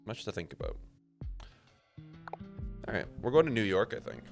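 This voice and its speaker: A man's voice: lowish voice, wildly swooping pitch, moderate pace, vocal fry, soft background music. A man from Canada streaming a puzzle game, rambling and joking with casual swearing as he plays. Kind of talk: casual gameplay commentary.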